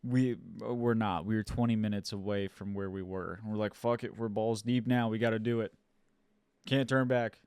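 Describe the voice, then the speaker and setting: A man's voice: lowish voice, moderate pace, smooth, no echo. A young man from Ohio, co-hosting a podcast and telling a story in an exasperated, swearing, casual way. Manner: swears a lot, animated and exasperated. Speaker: podcast co-host.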